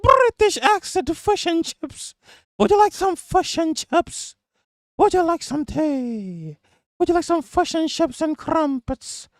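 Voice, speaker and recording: Shrill haughty mock-British man. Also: lively intonation, takes it slowly, no room sound, studio quality, exaggerated voice. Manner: sing-song, exaggerated posh mockery.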